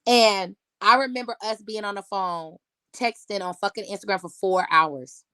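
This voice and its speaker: A woman in her thirties tells a story as a podcast guest, in a blunt, heated, profane way. Her pitch sits in a middle range. The sound is dry and close, with almost no room around it. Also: fairly even intonation, moderate pace, bright, forceful tone, smooth, no room sound. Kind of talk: casual chat.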